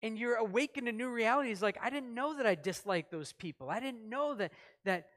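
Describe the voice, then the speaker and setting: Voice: mid-range voice, expressive, brisk, a bit bright. A pastor preaching a sermon in a church service, talking conversationally, asking the congregation questions and acting out short quoted lines.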